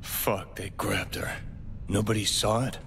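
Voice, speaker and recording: A man's voice: on the low side, steady tone, measured pace, creaky, a bit bright, slight background noise. An actor playing a brash, angry male rocker in a video game, profane and combative. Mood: tense.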